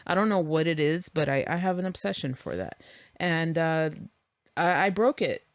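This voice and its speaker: A woman's voice: low-pitched, expressive, moderate pace, dry recording. A woman co-hosting a podcast in casual chat, candid and chatty, laughing easily and swearing now and then. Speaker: podcast co-host.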